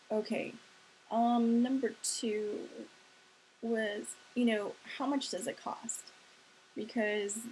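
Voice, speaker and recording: A woman's voice: on the high side, creaky, a little mellow, poor audio. A woman casually telling a personal story in a chatty manner, laughing and acting out the quotes. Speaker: sales leader telling her story. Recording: faint hiss.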